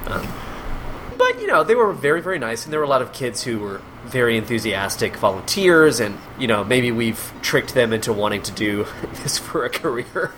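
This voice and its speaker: Improv performer guest, animated storyteller, lively swooping pitch, faint background noise. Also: normal speed. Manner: animated storyteller, acts out quoted people, laughs often. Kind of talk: casual podcast chat.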